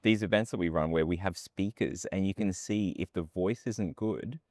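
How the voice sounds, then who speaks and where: Relaxed male podcast host, very low voice, close and dry. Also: moderate pace, no echo. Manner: relaxed, chatty, agreeable with frequent backchannels. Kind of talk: casual podcast chat.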